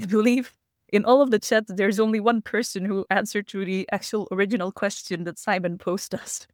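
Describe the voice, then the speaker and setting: A woman's voice: medium pitch, dry recording, studio quality. A woman hosting a casual livestream talk, chatty and laughing often as she reads the chat. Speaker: host.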